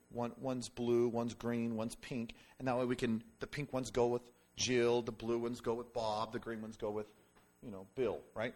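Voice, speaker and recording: A man preaching a sermon in an animated, conversational way, with jokes and quick asides to the congregation. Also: mid-range voice. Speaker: pastor.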